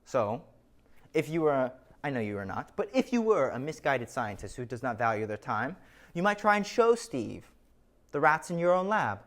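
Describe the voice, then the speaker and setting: A man's voice: medium pitch, big pitch swings, moderate pace, a bit bright. A man giving a scripted lecture, telling an illustrative story with wry asides.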